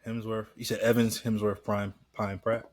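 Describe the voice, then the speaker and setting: A man with a lowish voice chatting on a podcast, relaxed as he leads the questions. The recording is dry, with no room sound around him, and he laughs easily. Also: normal speed, dry recording. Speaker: podcast co-host. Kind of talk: casual chat.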